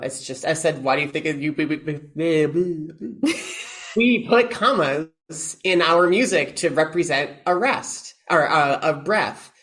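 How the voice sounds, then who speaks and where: A man's voice: fairly high pitch, takes it slowly. A man who teaches oboe, a guest in a casual podcast interview, talking animatedly, quoting what he tells his students, with frequent restarts. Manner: animated, quotes himself to students, many restarts.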